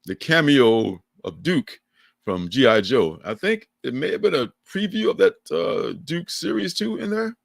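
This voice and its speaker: An older man co-hosting a livestream, chatting in a rambling, animated way and laughing often. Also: mid-range voice, normal speed, creaky, no echo, studio quality. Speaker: livestream co-host. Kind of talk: casual chat.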